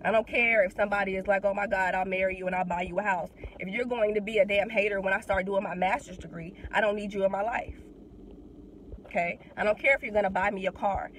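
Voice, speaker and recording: Woman, young adult, blunt and animated, swearing, getting over a cold, casual car monologue, faint traffic behind. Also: medium pitch, poor audio. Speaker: vlogger.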